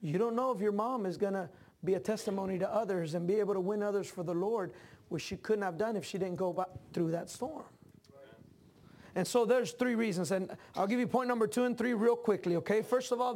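Brief: male pastor, very high voice, lively sermon delivery with shouted peaks and chatty asides. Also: brisk. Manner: animated preaching that climbs to shouts; conversational asides to the congregation.

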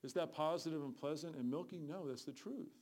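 Fairly high-pitched, brisk and darkish in tone, a middle-aged man preaches on the street with fervor. He asks for amens and performs the voices of people in his stories.

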